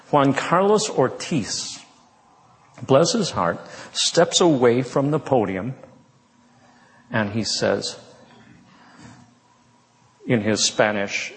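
A man giving an animated, humorous storytelling talk, speaking conversationally to an audience. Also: mid-range voice. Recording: reverberant hall.

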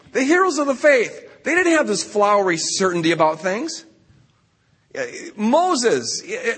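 Male retreat speaker, high and bright, animated sermon delivery, husky edge. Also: long reverb tail. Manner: animated, acts out quoted voices. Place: retreat camp hall.

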